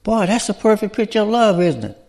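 A man with a fairly high voice preaching a sermon. He talks to the congregation conversationally and keeps checking in with rhetorical questions. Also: big pitch swings, brisk, vocal fry, a little mellow.

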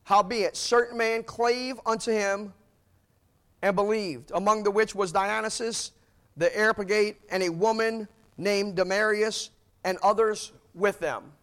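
A man's voice: high-pitched, steady tone, measured pace, a bit bright. A man preaching a sermon, reading old-style scripture aloud and driving points home with emphatic repetition.

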